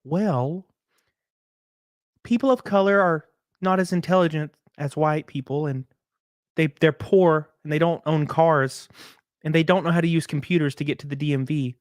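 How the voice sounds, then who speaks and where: A man's voice: on the high side, moderate pace, no room sound, studio quality, lightly acted. A man voicing a whiny, self-righteous young college woman in a mocking, sanctimonious way. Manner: mocking, sanctimonious, breathy gasps.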